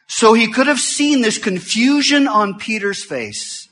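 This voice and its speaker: Fast-talking preacher man, bright voice. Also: extremely high pitch, lively intonation. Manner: fast-talking, swings from loud to hushed. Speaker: visiting pastor. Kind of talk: sermon. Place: church.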